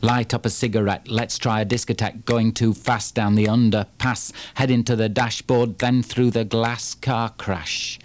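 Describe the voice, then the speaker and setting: A Yorkshireman with a medium-pitched, flat voice performs his own poems at a steady pace, rarely pausing, with no room sound behind him. This performance poet from Yorkshire, England, delivers a live reading as a punchy, rhythmic chant packed with repeated refrains.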